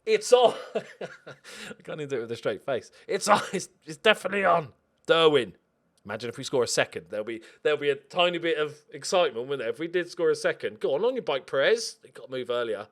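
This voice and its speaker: Bloke commentating his football manager save, slightly high voice, jumps all over, sarcastic and hyped. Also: fast. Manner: excitable, sarcastic, self-mocking. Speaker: let's play host. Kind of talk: gaming commentary.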